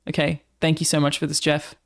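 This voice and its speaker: Australian woman streamer with a creaky, gravelly voice; chatty and swears freely. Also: low-pitched, completely flat delivery, fairly quick. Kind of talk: casual chat to a live stream audience.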